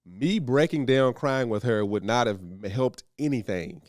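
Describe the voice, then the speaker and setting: A man's voice: mid-range voice, unhurried, no room sound, studio quality. A man in his thirties co-hosting a podcast, telling stories animatedly and acting out the people he quotes. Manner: animated storyteller, acts out quoted voices. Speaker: podcast co-host. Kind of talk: casual chat.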